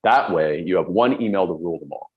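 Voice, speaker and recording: A man's voice: sits low, lively intonation, fairly quick, phone-quality sound. A middle-aged man coaching on productivity, talking bluntly and emphatically with everyday examples. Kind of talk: direct-to-camera advice talk.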